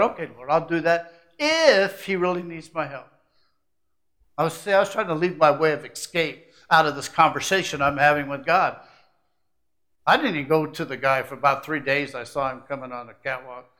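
A middle-aged man preaching from the pulpit with a somewhat high voice. He builds to loud, emphatic peaks, then drops to hushed, conversational asides to the congregation. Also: normal speed, long pauses. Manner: preachy, swings from loud climaxes to quiet asides. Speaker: pastor. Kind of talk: sermon.

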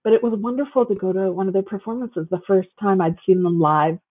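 Husky woman on a tinny phone line. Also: mid-range voice, fast talker. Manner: enthusiastic, gushing, many fillers. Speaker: guest author. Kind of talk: casual chat. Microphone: phone call.

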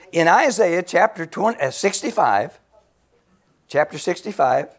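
A man in his seventies preaching a sermon, exclaiming loudly, laughing between phrases and dropping to a near whisper for emphasis. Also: high voice, lively intonation, slow. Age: 70s.

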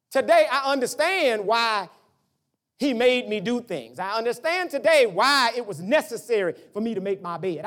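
A man preaching a sermon, telling family stories and acting out the voices of his parents. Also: very high-pitched. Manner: animated preaching with storytelling and voiced family dialogue. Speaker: pastor.

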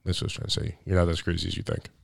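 Young guy, deep voice, fast rambling storyteller, casual and profane, dry close sound. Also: little pitch movement, creaky, slightly rough, dry recording. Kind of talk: casual podcast chat.

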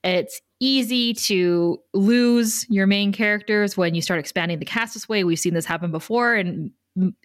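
A woman's voice: mid-range voice, moderate pace, hardly any pauses, no room sound, studio quality. A tired woman co-hosting a podcast in casual chat, joking and laughing often. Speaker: podcast co-host.

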